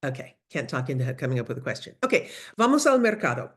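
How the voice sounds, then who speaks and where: A woman teaching a lively online language lesson, coaching students through phrases over a video call. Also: a bass voice, fast. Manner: lively, coaching, switches between English and Spanish phrases. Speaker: Spanish teacher.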